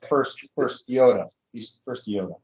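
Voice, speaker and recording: A man's voice: mid-range voice, a little slow, a little mellow, highs cut off. A man in a Greek class, answering in short replies and reading out words. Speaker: student. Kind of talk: class discussion.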